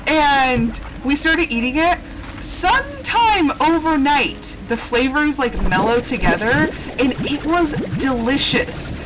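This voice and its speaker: A woman streamer chatting casually over gameplay, telling animated stories and acting out quotes in a higher voice. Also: slow pace, heavy background noise. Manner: animated storytelling with high acted quotes. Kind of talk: casual gaming chat.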